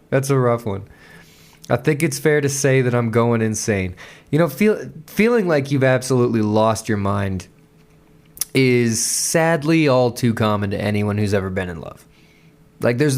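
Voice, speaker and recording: A man hosting a podcast, chatting loosely about a song with lots of swearing, restarts and quick laughs. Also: medium pitch, animated, darkish tone. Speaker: podcast host. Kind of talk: casual music commentary.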